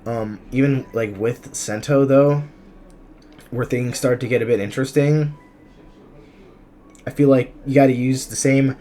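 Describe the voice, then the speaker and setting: A man's voice: mid-range voice, fairly even intonation, measured pace, long pauses, mellow. A young man giving casual, chatty commentary for his gaming channel, full of ums and restarts as he ranks characters. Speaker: gaming YouTuber. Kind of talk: casual commentary on a fighting game tier list. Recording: faint music behind the voice.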